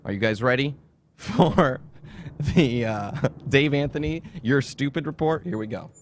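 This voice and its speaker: A man's voice: mid-range voice, lively intonation, unhurried, a little hiss or hum. A man hosting a podcast on his own, talking in a profane, sarcastic, rambling way. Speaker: podcast host. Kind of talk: casual solo podcast monologue.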